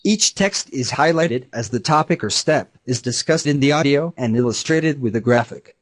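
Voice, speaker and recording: A text-to-speech man's voice giving a scripted narration in an even, measured explanatory manner. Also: mid-range voice.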